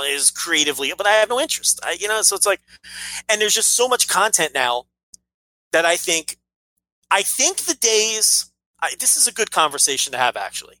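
A man's voice: high voice, bright, forceful tone, poor audio. A man co-hosting a casual wrestling podcast, rambling and blunt, swearing freely. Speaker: podcast co-host.

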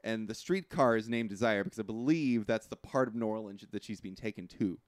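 A man's voice: on the low side, brisk, no echo, studio quality. A man co-hosting a podcast, explaining a film's plot casually and laughing easily with his co-host. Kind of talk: casual movie chat.

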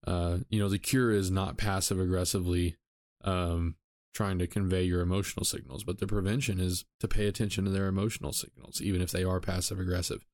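A man's voice: sits low, level tone, brisk, a little mellow, dry recording, studio quality. A man hosting a solo podcast, talking casually with frequent ums and self-corrections. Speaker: podcast host.

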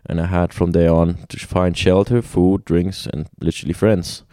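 Deep, dark-voiced man telling travel stories. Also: moderate pace, no room sound, clean studio sound. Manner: animated storyteller with many restarts and laughs. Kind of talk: casual conversation.

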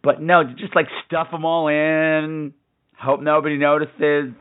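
A man tells a travel story on his podcast in a chatty, sarcastic tone, his voice a little higher than most men's. The sound is narrow and phone-like. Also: flat delivery, a little slow. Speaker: podcast host. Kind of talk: casual storytelling monologue.

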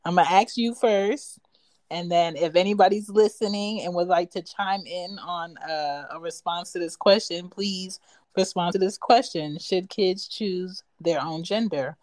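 A woman's voice: on the low side, a little slow, a little mellow, no room sound. Woman co-host steering a podcast. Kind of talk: casual chat.

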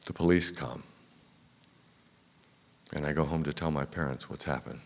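A man's rumbling low voice with vocal fry moves at a moderate pace through a true first-person story told live on a theater stage. He tells it dramatically, whispering through the tense moments, and the hall rings with long reverb.

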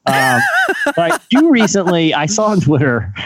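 A man's voice: a little high, huge pitch swings, unhurried, dry recording. A man hosting a casual podcast chat, joking and teasing his co-hosts. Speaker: podcast host.

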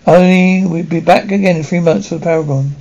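A man's voice: fairly high pitch, brisk, darkish tone, close to an everyday voice. A man voicing a kindly older shipowner who speaks to his sailor in an encouraging way. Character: kindly older male shipowner, generous employer. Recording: dull lo-fi recording.

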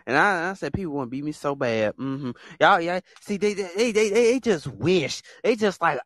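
A man's voice: a little high, animated, normal speed, few pauses, a bit bright, no echo. A man hosting a podcast, talking casually on his own, repeating himself a lot and acting out other people in exaggerated voices. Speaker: podcast host. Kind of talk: casual solo monologue.

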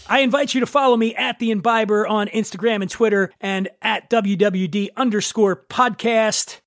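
Male podcast host, wry and theatrical scripted monologue, fairly high pitch. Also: steady tone, normal speed, hardly any pauses.

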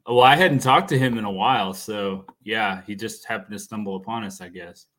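A man co-hosting a casual sports show, relaxed and agreeable. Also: on the low side, unhurried. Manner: relaxed, agreeable, short backchannels. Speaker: co-host.

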